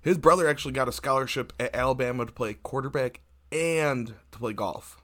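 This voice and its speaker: A man's voice: medium pitch, brisk, fairly bright tone. A man with a lisp, co-hosting a podcast in casual, rambling banter and laughing often. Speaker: podcast co-host.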